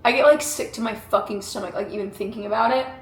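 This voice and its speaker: A young woman talking candidly to camera in a casual vlog, profane and animated. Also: mid-range voice, quick pace, noisy background. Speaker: vlogger training for a boxing match. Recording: echoey room.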